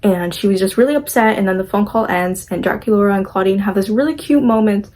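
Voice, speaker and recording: A woman's voice: mid-range voice, fast, darkish tone, poor audio. A young woman casually recapping a movie, chatty and gushing, acting out the characters' lines as she goes.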